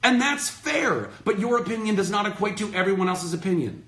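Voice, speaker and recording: Impassioned man ranting with a lively voice. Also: high voice, a little fast, reverberant. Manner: passionate, emphatic, swears freely. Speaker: host of his own livestream Q&A. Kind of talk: heated off-the-cuff rant to followers. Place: indoors, talking to a phone livestream. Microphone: phone.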